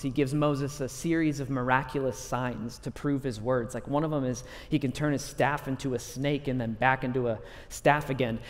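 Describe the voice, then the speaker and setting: A man preaching a sermon in an energetic, conversational way, acting out scripture stories. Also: medium pitch, long reverb tail. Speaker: pastor.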